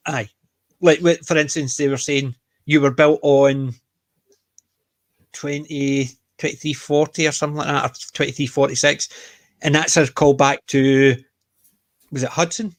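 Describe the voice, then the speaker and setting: A man with a Scottish accent, co-hosting a casual podcast chat and retelling scenes with lively energy. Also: on the high side, normal speed, pauses often, no echo. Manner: chatty, animated retellings of scenes. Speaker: podcast co-host.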